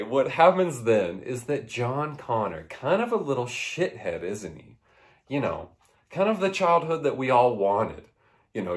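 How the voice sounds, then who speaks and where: A man recapping an old action movie for laughs, rambling and joking as he goes. He drifts into silly voices when quoting characters, and keeps up a loose, playful delivery. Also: medium pitch. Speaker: host.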